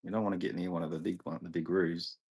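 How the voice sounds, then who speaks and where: On a live stream, a relaxed Australian man with an Australian accent makes casual chat at a quick pace, his very low, husky voice flat and darkish in tone. Stories come easily to him and he chuckles often, though the audio is poor.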